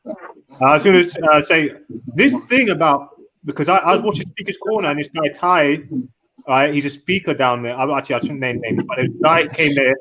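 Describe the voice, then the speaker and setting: Man, slightly higher voice, halting, repeats words, casual call-in chat. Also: pushed and bright, low-quality recording. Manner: halting, repeats words while searching for them. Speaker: caller.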